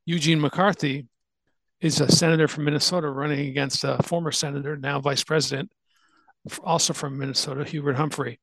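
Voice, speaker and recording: A man's voice: a little high, fairly even intonation, fairly quick, vocal fry, a bit bright, dry recording. A man hosting a podcast, casually explaining history at length with fillers and restarts. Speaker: podcast host.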